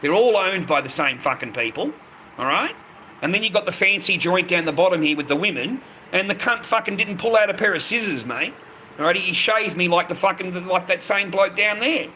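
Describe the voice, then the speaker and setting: A man's voice: sits high, animated, fairly quick, sharp tone, slight background noise. An Australian man in his fifties ranting bluntly on a live stream, swearing heavily and repeating himself. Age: 50s. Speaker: livestreamer. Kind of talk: profane angry rant to a live stream.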